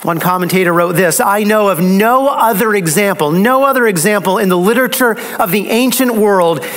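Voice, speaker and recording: A man preaching an expository sermon, slow and dramatic, with emphatic repetition. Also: high voice, a bit bright.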